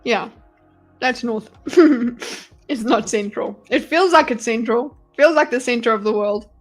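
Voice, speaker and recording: A woman's voice: a little high, unhurried. South African woman streaming from home. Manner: chatty, animated, swears and laughs often. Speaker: streamer reading chat. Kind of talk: casual live-stream commentary. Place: her home. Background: faint music.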